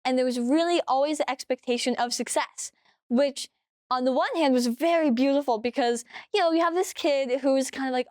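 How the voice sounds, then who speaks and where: A young woman answers interview questions in a thoughtful, reflective way. Her voice is notably high. The sound is dry and close, with no room echo. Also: brisk, darkish tone. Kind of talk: personal interview.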